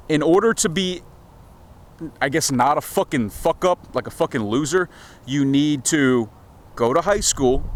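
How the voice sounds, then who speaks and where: Stammering, swearing man ranting outdoors. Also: medium pitch. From United States. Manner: profane, rambling, stammering rant. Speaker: vlogger. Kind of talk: casual vlog monologue. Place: outdoors in a small town street. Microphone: handheld camera.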